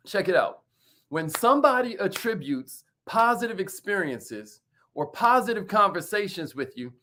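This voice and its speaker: A man hosting a motivational talk, lively and emphatic, calling out to his audience like a preacher and repeating his key points. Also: high voice. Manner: preacher-like call-and-response with the audience. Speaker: motivational host.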